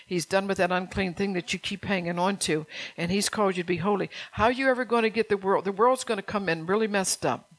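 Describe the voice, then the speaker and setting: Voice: mid-range voice, quick pace, hardly any pauses. Stern, urgent preacher. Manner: stern, urgent preaching with repeated phrases and rhetorical questions. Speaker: pastor. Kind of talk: sermon.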